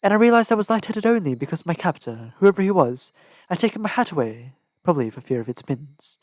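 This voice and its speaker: A man's voice: high voice, big pitch swings, fast talker, no echo, poor audio. A man narrating an audiobook in the first person with a dramatic, tense delivery. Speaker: audiobook reader.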